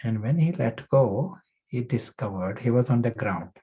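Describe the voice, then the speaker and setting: A male spiritual teacher giving a class, reflective and gentle, telling a parable and asking his listeners questions. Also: medium pitch, expressive, moderate pace, slightly rough. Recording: muffled lo-fi recording.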